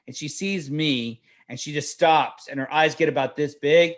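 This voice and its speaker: Middle-aged male podcast host, slightly high voice, lively storyteller who acts out each line of dialogue. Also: moderate pace. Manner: animated storyteller acting out dialogue. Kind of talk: casual storytelling chat.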